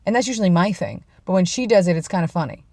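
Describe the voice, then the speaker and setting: A woman's voice: on the low side, fast, dry recording, clean studio sound. A young adult woman telling rambling, self-deprecating stories in a casual vlog. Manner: rambling, self-deprecating, drops to a hush for quoted lines. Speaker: vlogger.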